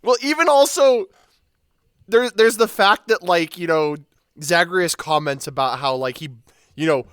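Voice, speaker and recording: A man appearing as a guest on a casual podcast, adding quick playful remarks about a video game. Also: high-pitched, a bit bright, clear, resonant tone, no room sound, clean studio sound.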